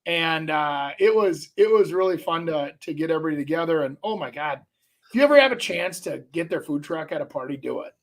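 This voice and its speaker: A man co-hosting a radio show in a studio, telling stories in a joking, animated way. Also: a little high, a little fast. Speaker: radio co-host. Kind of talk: casual radio talk.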